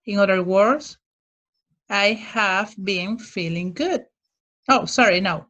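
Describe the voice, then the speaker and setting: A woman teaching English grammar in a recorded lesson, explaining slowly and carefully with frequent restarts. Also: mid-range voice, lively intonation, a bit bright.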